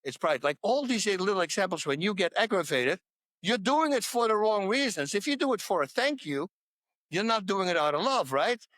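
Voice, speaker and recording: As a guest on a podcast, a man talks casually about faith in an interview, hammering his points home emphatically through repetition. His high voice has lively intonation and a fairly bright tone at normal speed, in a dry recording.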